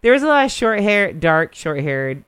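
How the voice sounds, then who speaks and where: A radio host with a lisp talks about music in a loose, jokey way and laughs easily. The voice is smooth and clean. The sound is close and dry, with no room around it. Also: mid-range voice, sing-song, a bit bright, dry recording. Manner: chatty, jokey and quick to laugh. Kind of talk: casual music chat.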